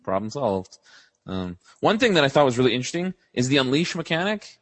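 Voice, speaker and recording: A young man co-hosts a podcast, his voice a little high and his pace quick, with no echo on the recording. He tells rambling, animated stories in casual chat, swearing freely.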